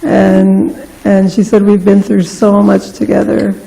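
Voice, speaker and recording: Middle-aged woman, memorial eulogy, unhurried and gravelly, laughs through her stories. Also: mid-range voice, rough recording. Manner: laughing, animated storytelling that turns tearful and soft. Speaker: memorial speaker. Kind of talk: personal eulogy storytelling.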